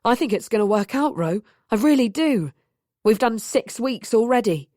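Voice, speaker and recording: A woman's voice: fairly high pitch, animated, moderate pace, dark tone, no echo, clean studio sound, lightly acted. A woman doing a coaxing, confident young man.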